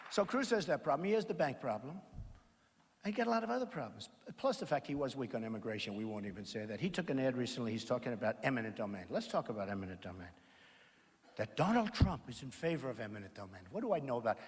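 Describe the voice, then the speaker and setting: At a college event in a large hall, a political candidate addresses a campaign rally crowd. His slightly high voice rises and falls in lively bursts as he rambles, boasts and repeats himself, with the hall's long echo audible throughout.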